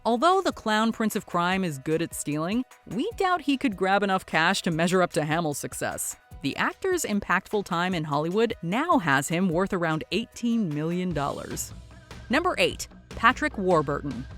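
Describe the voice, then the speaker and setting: A woman narrates a countdown video in a scripted voice-over, her lowish voice rising and falling a lot. Her delivery stays upbeat, with faint music underneath. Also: very animated, moderate pace, fairly bright tone.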